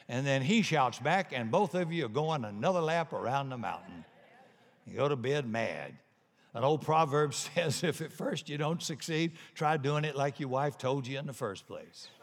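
Man, preacher, folksy sermon, fairly high voice, long hall reverb. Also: moderate pace. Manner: folksy, punchy, animated storytelling. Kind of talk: sermon with jokes.

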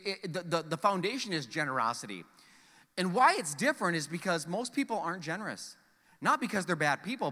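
Animated bright-voiced pastor in a reverberant church. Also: male voice, on the high side. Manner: animated, joking, acts out quoted voices. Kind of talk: sermon. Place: church sanctuary. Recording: long hall reverb from church sanctuary.

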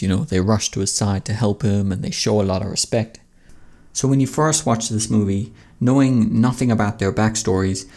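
A man's voice: lowish voice, a little mellow. A man hosting a casual film commentary, talking loosely and conversationally with lots of filler phrases. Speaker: video essay host.

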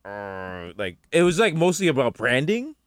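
A man's voice: mid-range voice, wildly swooping pitch, normal speed, background noise. A man co-hosting a comedic casual chat, riffing animatedly and slipping into mock directing bits. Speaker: podcast co-host.

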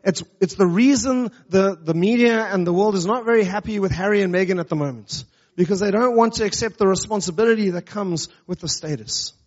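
A male pastor with a high voice delivers a sermon, emphatic and conversational, driving his points home with rhetorical questions. The recording sounds a little dull and muffled. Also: a little fast, darkish tone.

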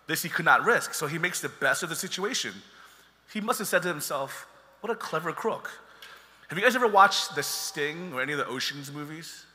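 Man, pastor, conversational sermon, high voice, echoing church hall. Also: expressive, fairly quick, pushed and bright. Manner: conversational, joking with the congregation.

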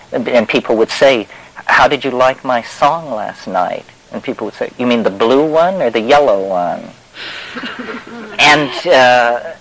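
Man, lecturer, middle pitch, wry, emphatic, meandering, lots of fillers. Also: a bit bright, rough recording. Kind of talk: discursive spoken talk.

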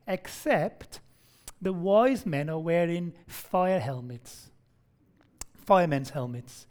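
A man preaching a sermon in a relaxed, conversational way, often restarting and repeating words. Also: on the high side. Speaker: pastor.

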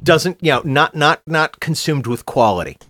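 A man's voice: a little high, lively intonation, moderate pace, a bit bright, dry recording, studio quality. A man co-hosting a podcast, grumbling emphatically in casual chat, often restarting his sentences. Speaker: podcast co-host.

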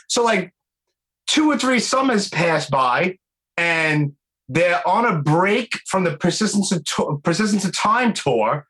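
A man, hosting a podcast and telling animated stories in casual chat, swearing now and then. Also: high voice, measured pace, poor audio. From New York. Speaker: podcast host.

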